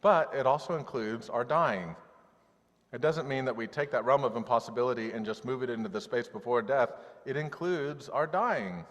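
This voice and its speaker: A man preaching a sermon in a conversational, animated way, acting out quoted voices. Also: fairly low pitch, big-room sound. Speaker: pastor. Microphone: video call audio.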